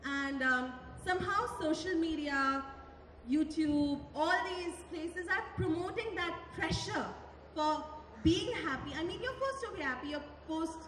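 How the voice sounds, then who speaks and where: High-voiced woman asking a question from far off. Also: measured pace, fairly bright tone. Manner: hesitant, with many fillers. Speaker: audience member asking a question. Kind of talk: audience question. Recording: echoey hall from far off, faint noise.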